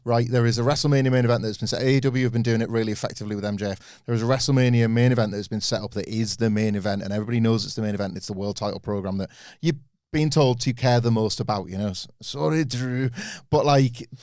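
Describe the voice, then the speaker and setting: Chatty guy on a wrestling podcast, goes on excitedly, dry close mic. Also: medium pitch, fast, dry recording. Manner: enthusiastic, rambling with restarts and asides. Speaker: podcast co-host. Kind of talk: casual opinionated chat.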